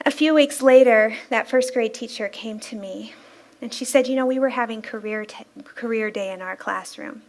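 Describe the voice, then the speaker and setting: A woman with a high, light voice gives a Sunday talk from the front of a church. She tells stories in a lively, playful way and laughs often between her points. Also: normal speed. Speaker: spiritual practitioner giving a Sunday talk. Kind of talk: inspirational sermon-style talk. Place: church sanctuary.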